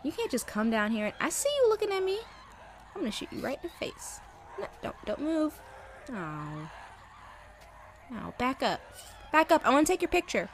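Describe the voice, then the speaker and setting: A woman's voice: high-pitched, normal speed, pauses often, slight background noise. A young woman giving casual, sarcastic let's play commentary, talking to the game's creatures as she plays. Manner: animated, sarcastic, talks to game creatures.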